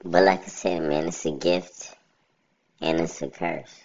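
A man hosting a casual solo podcast through a pitched-down robotic voice filter. He talks bluntly and rambles, often asking "you know what I'm saying". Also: steady tone, a little slow, a little mellow, muffled recording. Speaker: podcast host.

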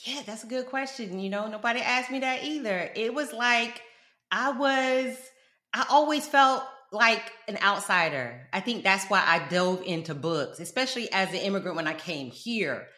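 Lively woman guest, bright tone, quotes people in big voices, roomy sound. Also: medium pitch, moderate pace. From Jamaican parents, grew up in South Florida. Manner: animated, emphatic, quotes others in lively voices. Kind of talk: candid conversational storytelling.

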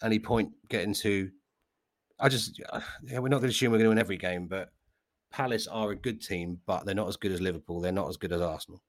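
A man co-hosting a casual football podcast, talking in halting restarts. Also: low-pitched, dry recording. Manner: hesitant restarts, chatty. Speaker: podcast co-host.

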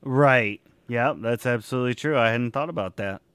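A man hosting an interview, easygoing, who answers with brief replies and asks relaxed questions. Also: mid-range voice, clear, resonant tone, dry recording. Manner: easygoing, quick short replies. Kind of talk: casual interview.

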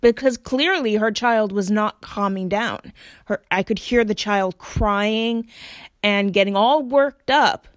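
A woman's voice: mid-range voice, slow pace, dry recording, studio quality. A woman talking casually and reflectively to her viewers, hesitant and searching for words with lots of fillers. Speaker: solo vlogger giving spiritual practice tips. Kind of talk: casual reflective talk to camera.

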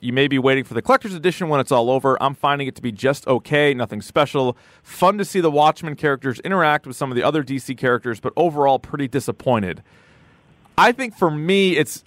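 A man in casual podcast chat, co-hosting and reading listener questions aloud. His voice sits at an ordinary middle pitch and sounds close and dry, with no room around it. He talks in an animated way and mocks movie lines in put-on voices. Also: no echo.

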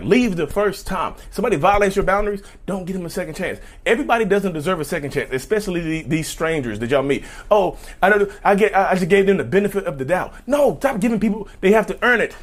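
A man with a slight lisp from new dental work, giving viewers a rambling, emphatic advice rant and repeating his points. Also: on the high side. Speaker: vlogger.

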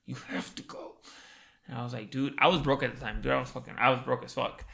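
His mid-range voice is creaky and a bit bright, with fairly even intonation, and he talks very fast. The young man hosts a casual podcast, swearing heavily through his stories and saying "dude" after every few words.

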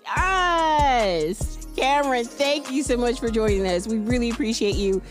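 Woman, podcast host, bubbly, laughs often, high voice, music in background. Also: expressive, a little slow. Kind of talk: casual interview chat.

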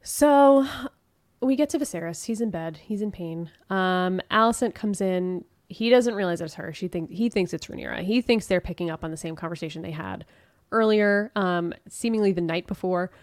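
A woman hosting a casual recap podcast, retelling scenes in an animated way and acting out the quotes. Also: fairly low pitch, normal speed, no room sound, clean studio sound. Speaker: podcast host.

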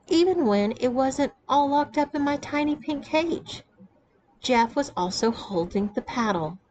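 A woman reading a first-person story aloud in an even, storytelling delivery. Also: a little high, slight background noise, low-quality recording. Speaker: narrator. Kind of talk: audiobook reading of an erotic memoir.

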